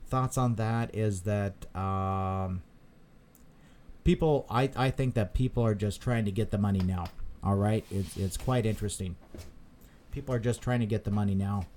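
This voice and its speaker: A man's voice: lowish voice, moderate pace, a little mellow, slight background noise. A man hosting a live stream, chatting casually and reading out viewer comments, rambling with many repeated words and fillers. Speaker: crypto channel host.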